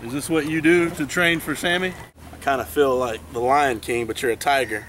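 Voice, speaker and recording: A man's voice: medium pitch, steady tone, moderate pace, fairly bright tone, slight background noise, poor audio. Teasing guy talking trash. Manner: teasing, mock-scolding. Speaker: college football fan. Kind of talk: comedic trash talk.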